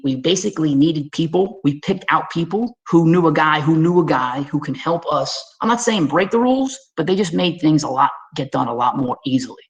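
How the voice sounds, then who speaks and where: A man from Staten Island with a New York accent, presenting slides in a webinar in an energetic, folksy, conversational way and speaking straight to his audience. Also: a little high, highs cut off.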